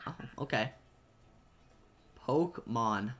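A man's voice: mid-range voice, animated, fairly bright tone. Playful young male streamer. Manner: playful, reading viewer drawings aloud with quick reactions. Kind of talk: casual live-stream chat.

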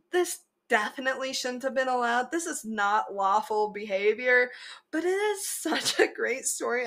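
A woman's voice: a little high, a bit bright. A woman podcast host telling a tabletop game story in a chatty way, laughing at her own tale.

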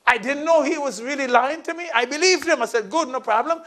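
A middle-aged man preaching from the pulpit, his voice sitting high for a man. He tells his story in a sermon, dropping into soft asides and then rising into emphatic lines. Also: brisk. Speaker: pastor.

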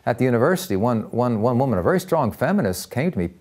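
An older American man tells stories with real conviction. His pitch rises and falls in lively swings as he acts out the people in them. His voice sits at an ordinary middle pitch. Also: fast talker. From United States. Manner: earnest, animated storyteller acting out quoted voices. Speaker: interview guest. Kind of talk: storytelling interview.

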